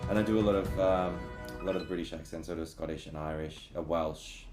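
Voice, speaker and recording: Deep-voiced Australian man, roomy sound. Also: steady tone, fast, over music. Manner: easygoing, rambling. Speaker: voice actor. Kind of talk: casual chat on a livestream. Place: on a couch indoors. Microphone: camera or phone on a livestream. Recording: roomy echo, faint ambient noise.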